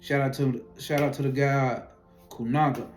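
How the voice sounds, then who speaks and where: A man telling a personal spiritual story in an animated, profane, casual way, acting out his own reactions. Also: mid-range voice, normal speed, faint music behind.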